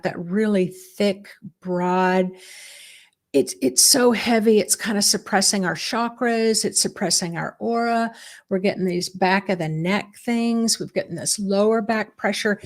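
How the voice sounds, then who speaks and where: Woman, middle-aged, spiritual teacher, casual talk to viewers, chatty, encouraging, mid-pitched. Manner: chatty and encouraging, guides the listener through visualizations. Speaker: spiritual teacher hosting a live stream.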